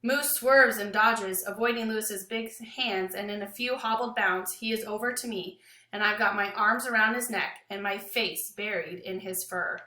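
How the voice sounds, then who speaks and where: Bright-voiced woman reading a story aloud. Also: medium pitch, moderate pace, roomy sound. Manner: expressive, dramatic reading.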